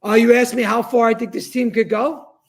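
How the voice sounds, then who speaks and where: A man co-hosting a casual sports chat over a remote call, excitable and blunt, swearing freely. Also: very high voice, fairly quick, vocal fry. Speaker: co-host.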